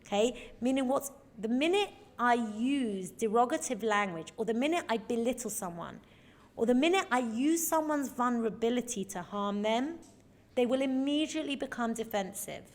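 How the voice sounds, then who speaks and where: A woman's voice: a little high, animated, moderate pace. A woman teaching a Torah lecture in an earnest, emphatic way, often checking in with her listeners. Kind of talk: recorded lecture.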